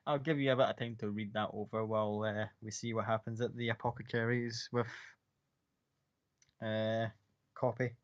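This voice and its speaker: A man's voice: on the low side, flat delivery, normal speed. A man narrating a tabletop game as game master, in a casual way full of fillers and swearing. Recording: dull lo-fi sound.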